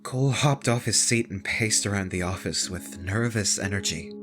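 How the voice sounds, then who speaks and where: A reader narrating a visual novel in a steady, dramatic storybook manner. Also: deep voice, normal speed, faint music behind.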